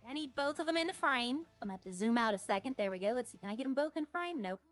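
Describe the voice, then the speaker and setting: A woman's voice: sits high, expressive, very fast, soft background music. A woman streaming a roleplay game, rambling to herself as she plays and chatting in character. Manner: rambling, talks to herself while playing.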